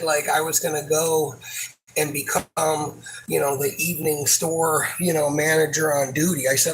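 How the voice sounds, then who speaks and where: Man, somewhat high-pitched voice, venting about work in a frustrated, rambling, profane monologue full of restarts. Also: fairly bright tone, poor audio. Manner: frustrated, rambling, swears a lot; halting, many fillers and restarts. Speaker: supermarket worker.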